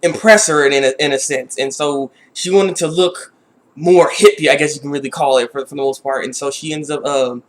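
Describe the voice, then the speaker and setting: A man with a high, light voice talks through an anime episode in a loose, unscripted way. He restarts his sentences, leans on "like," and sounds exasperated. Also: fairly even intonation, a little fast. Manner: rambling, many restarts and "like". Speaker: anime reviewer. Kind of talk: casual spoken review.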